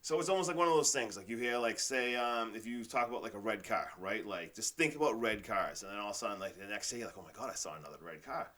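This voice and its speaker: This podcast host's voice sits on the low side, with a sharp tone, and he moves quickly, barely pausing. He rambles enthusiastically through a casual motivational talk, leaning constantly on "like" and "literally."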